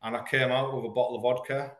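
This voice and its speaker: A man's voice: medium pitch, flat delivery, fairly bright tone. Frank man in an echoey room. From Hull, England. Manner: frank, earnest, halting at painful moments. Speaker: podcast guest. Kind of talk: candid personal storytelling in an interview.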